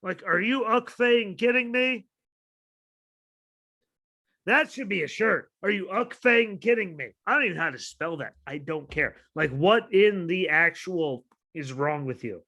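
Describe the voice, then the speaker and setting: High, bright-voiced ranting man. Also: measured pace. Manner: ranting, profane, animated, shouts out quoted lines. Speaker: podcast co-host. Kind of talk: casual wrestling podcast chat.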